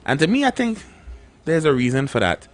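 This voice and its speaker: A man's voice: a little high, huge pitch swings, brisk, soft background music. A man co-hosting a casual radio chat, talking in a chatty, rambling way with many repeated words. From Trinidad and Tobago. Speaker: radio show co-host.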